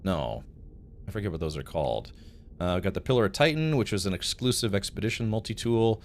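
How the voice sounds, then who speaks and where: A low-pitched man chatting live on his game stream. His voice swings widely up and down as he rambles through anecdotes and laughs along with chat. He sounds like he is talking into a desk mic at a home setup. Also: expressive, fairly quick, slight background noise. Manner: rambling storyteller, laughs often, talks to chat.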